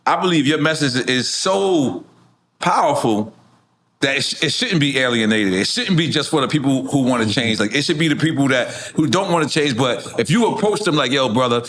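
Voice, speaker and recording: A man's voice: medium pitch, expressive, normal speed, fairly bright tone, a little hiss or hum. A middle-aged man from Queens, hosting a casual interview and rambling with frequent stammers and restarts. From Queens, New York. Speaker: podcast host.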